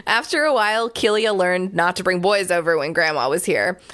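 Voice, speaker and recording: A woman's voice: on the low side, normal speed, a bit bright. A young adult woman co-hosting a podcast, reading the story aloud and reacting with playful giggles. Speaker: podcast co-host. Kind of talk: comedic reading and banter.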